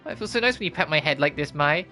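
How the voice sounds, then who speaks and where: A streamer voicing a sweet, shy younger sister who speaks softly and gratefully. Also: medium pitch, expressive, rapid-fire, faint music behind.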